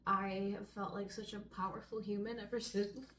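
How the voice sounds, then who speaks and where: A woman's voice: medium pitch, little pitch movement, normal speed, fairly bright tone, distant mic, slight background noise. A woman co-hosting a casual chat, wry and swearing offhandedly. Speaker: co-host. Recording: roomy sound from off-mic.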